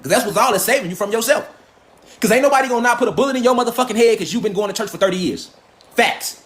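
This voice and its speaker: A man's voice: very high voice, fairly bright tone. A man in a profane, confrontational ranting monologue, firing rhetorical questions. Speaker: commentator.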